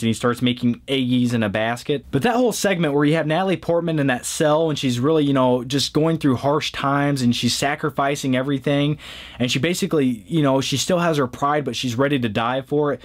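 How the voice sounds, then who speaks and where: A man in a middle-pitched voice counts down his favorite films in an easygoing video-blog manner. He rambles in a friendly, joking way, with plenty of fillers. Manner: chatty and joking, many fillers. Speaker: movie review vlogger. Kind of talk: casual top-ten countdown.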